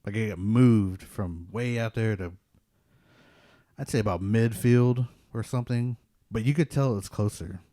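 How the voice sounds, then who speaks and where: A man's voice: lowish voice, a little slow, warm tone, dry recording, clean studio sound. A man hosting a podcast, telling a personal ghost story in a casual, rambling way with many "like" fillers. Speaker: podcast host.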